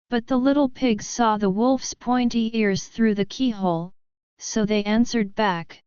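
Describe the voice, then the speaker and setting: A woman reads a children's fairy tale aloud in a slow, deliberate, expressive way. Her voice is very clear and slightly high, recorded dry with a dull, lo-fi tone. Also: no echo. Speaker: storyteller. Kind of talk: children's story narration.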